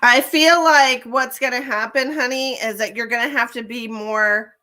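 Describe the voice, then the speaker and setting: A woman's voice: on the high side, fairly even intonation, normal speed, sharp tone. A woman giving live-stream tarot readings, chatting with viewers and calling them honey and darling. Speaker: tarot reader.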